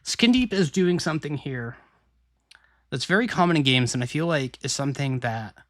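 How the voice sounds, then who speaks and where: A man's voice: on the high side, animated. A man commenting casually on a game he is playing live, talking to his chat and musing aloud. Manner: chatty, musing aloud, quick laughs. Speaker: live streamer.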